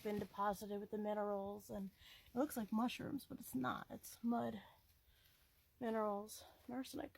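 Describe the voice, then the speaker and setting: Here a woman's mellow, mid-range voice comes through a low-quality recording with slight background noise. Strolling the woods by an old mine entrance, this mine-exploring vlogger keeps up a chatty, playful patter sprinkled with casual swearing.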